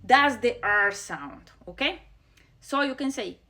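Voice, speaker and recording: A woman teaching Spanish pronunciation, repeating each sound slowly as she demonstrates it. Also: a little high, expressive, bright, forceful tone, slight background noise. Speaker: language teacher. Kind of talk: pronunciation lesson.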